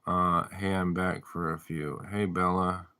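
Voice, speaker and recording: Deep, slow-talking man streaming live. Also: little pitch movement, sharp tone, no room sound. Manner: playful, jokey, reads viewer messages aloud. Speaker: livestreamer reading chat. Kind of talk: casual live-stream chat.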